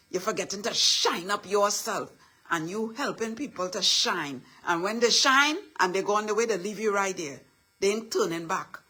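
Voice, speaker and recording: A middle-aged woman, giving a motivational talk in a husky voice with repetitive affirmations and a preachy manner. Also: mid-range voice, pushed and bright. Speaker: motivational speaker.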